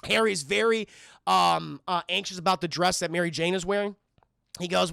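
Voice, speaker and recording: A man hosting a livestream, casually reviewing a film for his chat in a profane, animated way. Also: high-pitched, quick pace, gravelly, loud music behind the voice. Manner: acts out lines in put-on voices. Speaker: livestream host.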